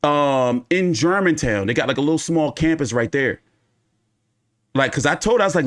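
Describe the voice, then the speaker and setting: A man's voice: fairly high pitch, animated, moderate pace. A man hosting a boxing commentary show, telling a story in a casual, rambling, profane way.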